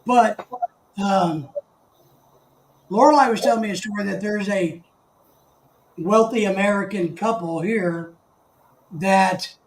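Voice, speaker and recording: A man's voice: sits high, slow pace, pauses often. A man hosting a casual live stream, chatting and greeting viewers by name in a rambling way. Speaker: livestream host. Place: living in the Philippines. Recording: echoey room, faint background noise.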